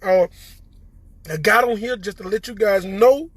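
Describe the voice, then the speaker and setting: Tearful Southern man, voice cracking high. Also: no echo. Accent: Southern American. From Southern United States. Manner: halting, repeats words, stammering. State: tearful, voice breaking. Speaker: recovered patient addressing viewers. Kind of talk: emotional personal testimony.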